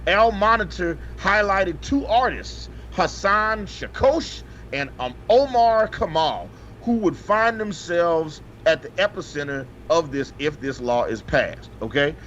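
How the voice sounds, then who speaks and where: A man co-hosts a loose podcast, reading an article with cursing and jokey side comments. His voice sits a little high and swoops around a lot. The audio is slightly dull, with faint noise under it. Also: a little slow, few pauses. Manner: animated, profane, joking asides while reading. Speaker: podcast co-host. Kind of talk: casual chat, reading news aloud.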